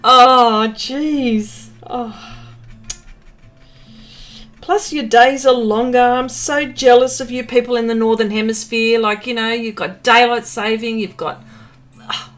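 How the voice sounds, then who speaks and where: An Australian woman chats at a slow, unhurried pace while reading out viewer comments, her voice sitting a little high. She fills her talk with ums and likes and small laughs. Faint music plays behind her. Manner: chatty and slow, with many fillers and little laughs. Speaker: artist hosting a live stream.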